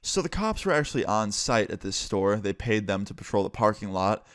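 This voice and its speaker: A young man telling a storytime to his channel in a casual, excited way with a lot of swearing. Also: lowish voice, fairly quick, clear, resonant tone, no room sound, studio quality. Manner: casual, profane, excited retelling. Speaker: YouTuber. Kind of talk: storytime monologue.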